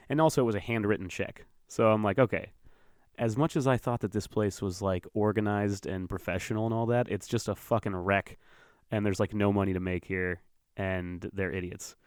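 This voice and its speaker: A man's voice: lowish voice, clear, resonant tone, dry recording, studio quality. A young man hosting a podcast, telling a rambling, profane story in casual monologue. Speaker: podcast host.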